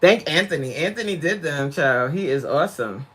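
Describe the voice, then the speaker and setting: A woman's voice: sits low, animated, normal speed, fairly bright tone, slightly rough. A woman fitness coach chatting on a livestream, reading viewer comments aloud, laughing often, recorded on a tablet mic. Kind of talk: casual livestream chat.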